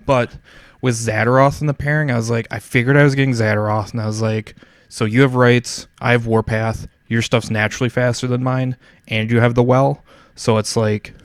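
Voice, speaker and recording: A man with an ordinary middle-pitched voice explains his picks in relaxed, offhand chat. His tone is casual and quick. The recording is dry and close. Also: no room sound. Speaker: wargame battle report co-host.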